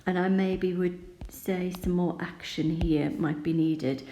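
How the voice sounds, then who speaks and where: A woman teacher explaining how to annotate a poem, calm and explanatory, reading lines of verse aloud. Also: lowish voice, slow, reverberant, a little hiss or hum, low-quality recording. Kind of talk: poetry annotation lesson.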